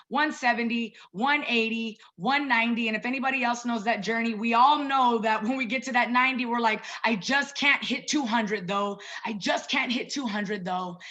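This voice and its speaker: Woman, 30s, high bright voice, chatty, personal, casual online presentation, video call, slightly dull lo-fi sound. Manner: chatty and personal, addresses listeners as "you guys". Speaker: wellness coach presenting to a group.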